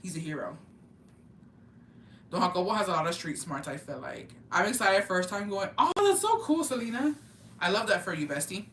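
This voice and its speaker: A young woman from Oaxaca, Mexico, chatting casually and profanely with her live-stream viewers in an animated, slangy way. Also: on the low side, fairly quick, slight background noise. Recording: roomy, mic at a distance.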